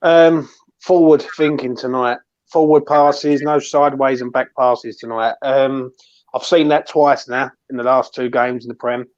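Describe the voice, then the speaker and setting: A man's voice: medium pitch, fairly even intonation, unhurried, darkish tone, no echo. A man giving passionate, emphatic opinions as a guest pundit on a live fan show. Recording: dry, dull lo-fi mic.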